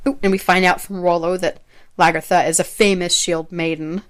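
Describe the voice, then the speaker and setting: A young woman with a fairly low voice co-hosts a casual podcast chat. She talks in a loose, rambling way, laughs easily and often trails off mid-sentence. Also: fairly even intonation, moderate pace. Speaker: podcast co-host.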